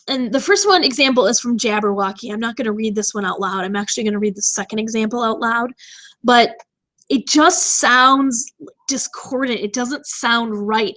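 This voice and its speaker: A woman teacher giving a recorded vocabulary lesson, explaining terms with frequent pauses and restarts. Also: a little high, fairly bright tone. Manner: explanatory, with many fillers and restarts.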